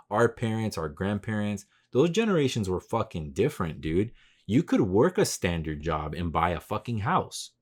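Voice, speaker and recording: A man in his thirties hosting a solo podcast, talking casually with lots of swearing and slang, rambling and getting loud and animated when he rants. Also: on the low side, normal speed. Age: 30s. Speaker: podcast host.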